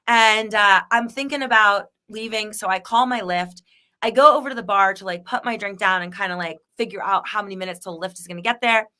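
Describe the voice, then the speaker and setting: A middle-aged woman co-hosting a podcast, chatting candidly and telling animated, frank stories. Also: mid-range voice, a little fast. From Denver area. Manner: candid, animated storytelling with laughs. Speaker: podcast co-host. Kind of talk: casual chat.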